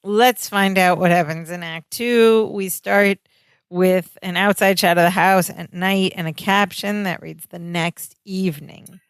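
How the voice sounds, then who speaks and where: A woman co-hosting a podcast, calmly narrating a sitcom's plot in casual chat. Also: medium pitch, measured pace, smooth, no room sound. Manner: steady storytelling, plot narration. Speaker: podcast co-host.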